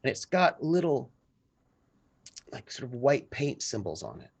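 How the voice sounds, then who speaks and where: Slow, gravelly game master narrating. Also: male voice, mid-range voice, very animated. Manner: unhurried descriptive narration with pauses.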